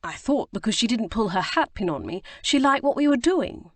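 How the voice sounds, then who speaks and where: A woman reading an audiobook, voicing an agitated, guilt-stricken young gentleman who bursts into exclamations. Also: a little high, animated, normal speed, no room sound, pitched above the performer's own voice. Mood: distraught. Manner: distraught, exclamatory outbursts. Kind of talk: audiobook character voice.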